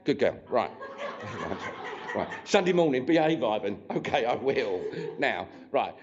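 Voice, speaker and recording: This spiritualist medium's mid-range voice is very animated yet measured in pace as he demonstrates mediumship live in a church hall. He's chatty and cheeky, trading jokes with the congregation and restarting often, and the recording sounds dull and lo-fi.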